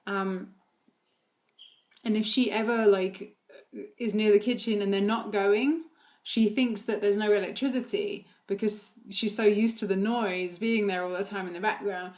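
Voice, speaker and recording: A woman's voice: mid-range voice, fairly even intonation, unhurried, a little mellow. Chatty mother vlogging with many ums. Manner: chatty, many fillers, laughs often. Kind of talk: casual chat about her toddler.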